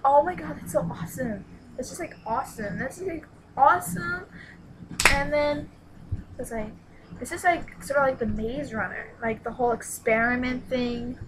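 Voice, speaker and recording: A young woman excitedly retelling a book's plot in a casual review vlog, with lots of "like" and sudden squealed exclamations. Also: a little high, a little fast, background noise. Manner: excitable and gushing, exclaims "What? What?"; retells the plot with many "like"s and restarts. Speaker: book reviewer.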